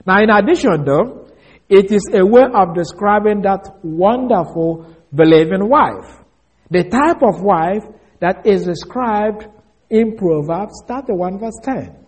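A man preaching an expository Bible lesson, measured and deliberate, spelling out words and repeating key phrases for emphasis. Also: high-pitched, lively intonation, slightly rough.

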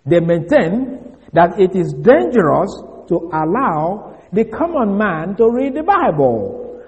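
A man gives a Bible lesson as a preacher, his voice pitched high and swinging widely as he works through Greek terms. He spells words out letter by letter. The sound rings with the long reverb of a large hall. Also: sing-song, slow, darkish tone. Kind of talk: Bible teaching.

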